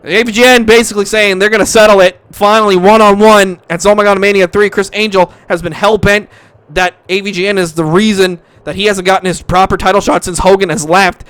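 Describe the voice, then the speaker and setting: A young man doing profane, excitable play-by-play for a hobby wrestling show, swearing constantly and breaking into shouted hype. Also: high-pitched, fairly quick, clear, resonant tone, no room sound. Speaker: fake wrestling commentator.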